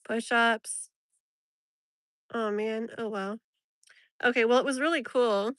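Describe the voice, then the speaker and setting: A woman's voice: a little high, normal speed, no echo. Chatty woman livestreaming, dry close sound. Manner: rambling, chatty, laughs often. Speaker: live tarot reader and streamer. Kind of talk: casual live-stream chat.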